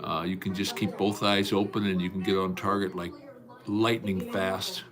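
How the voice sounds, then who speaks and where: Deep-voiced man rambling folksy on a livestream. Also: flat delivery, a little fast, a crowd in the background. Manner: folksy, rambling, with many fillers and restarts. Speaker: livestream host. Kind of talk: casual livestream chat, greeting and answering viewers. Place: at home.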